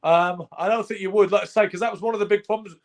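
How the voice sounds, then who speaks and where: A man co-hosting a boxing chat show. He talks quickly in a fairly high voice. He presses every point with emphatic insistence. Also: fairly even intonation. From England. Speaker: podcast co-host.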